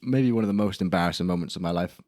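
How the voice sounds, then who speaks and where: A man's voice: sits low, rapid-fire, a little mellow, no room sound, studio quality. A young man hosting a solo podcast, telling embarrassing stories in a rambling, self-deprecating way with casual swearing. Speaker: podcast host. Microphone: camera mic in a room.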